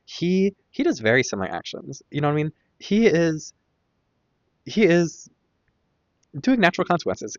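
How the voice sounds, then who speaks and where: A man's voice: medium pitch, no room sound. Man, podcast host, rambling casual commentary, opinionated, dull dry lo-fi sound. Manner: rambling, opinionated, many fillers and tangents. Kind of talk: casual stream-of-consciousness commentary.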